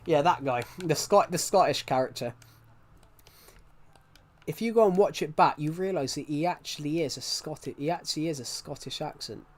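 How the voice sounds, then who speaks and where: Rambling young streamer, slightly high. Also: male voice, moderate pace. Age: young adult. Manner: rambling, self-interrupting, laughs at own jokes. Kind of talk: casual live-stream chat.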